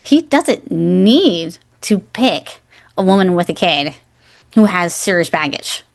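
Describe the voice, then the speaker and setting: A woman's voice: on the low side, very animated, slow pace, gravelly. A woman in her forties co-hosting a podcast, chatting casually and enthusiastically about a film, acting out lines as she goes. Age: 40s. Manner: enthusiastic, acts out quoted lines. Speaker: podcast co-host. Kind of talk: casual chat.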